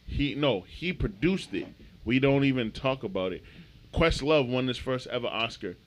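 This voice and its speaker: Man, podcast co-host, animated, profane, casual chat. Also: mid-range voice, moderate pace, a little hiss or hum. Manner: animated storyteller, swears freely.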